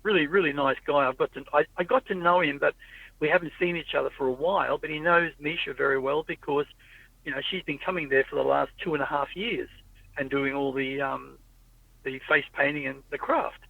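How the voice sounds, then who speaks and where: A man's voice: fairly high pitch, fairly quick, vocal fry, no room sound. A man chatting casually in a car, rambling through stories and quoting the people in them. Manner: rambling storyteller, acts out quoted people. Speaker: podcast host. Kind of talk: casual chat. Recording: tinny phone-like audio, dry.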